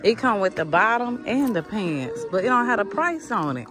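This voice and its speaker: A woman's voice: medium pitch, sing-song, normal speed, over music. Chatty woman vlogging while shopping. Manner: chatty, addresses viewers as y'all. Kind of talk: casual shopping vlog. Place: discount clothing store.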